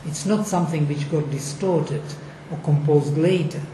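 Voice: medium pitch, normal speed, mellow. Emphatic speaker lecturing in an echoey room. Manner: emphatic, asks rhetorical questions. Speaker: lecturer on Vedic recitation. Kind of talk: panel discussion explaining. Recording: echoey room, faint noise.

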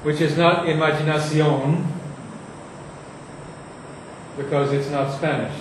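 A man teaching how to read verse aloud, reciting lines slowly and with heavy emphasis, recorded from far off in an echoey room. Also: fairly high pitch, animated, noisy background. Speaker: poetry teacher. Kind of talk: lecture on reading verse aloud.

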